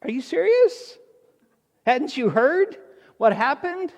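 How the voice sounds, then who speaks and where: Pastor voicing earnest grieving disciple Cleopas. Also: male voice, sits high, expressive, a little slow, darkish tone, long reverb tail. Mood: incredulous.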